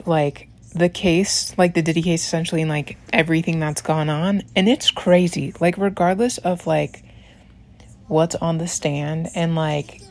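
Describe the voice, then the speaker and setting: A woman's voice: low-pitched, a little mellow. A young woman talking through a nail tutorial in a casual, rambling way, with many "like"s and chatty asides. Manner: rambling, lots of "like", laughs while talking.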